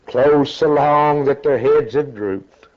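A man preaching at an unhurried, deliberate pace. His delivery is dramatic, rising to loud, high-pitched cries. The recording is dull and lo-fi. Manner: slow, dramatic preaching that climbs to high shouted peaks. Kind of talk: sermon.

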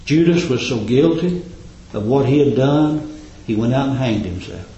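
A man preaching a sermon, impassioned and swinging up into high, ringing exclamations. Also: animated, normal speed, dark tone. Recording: roomy, slightly dull recording.

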